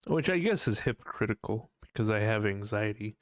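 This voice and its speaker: This young man hosts a casual solo podcast in a lowish, animated voice, moving briskly as he rambles and swears often. He laughs at himself and imitates his own panicked voice. The recording is dry and studio quality.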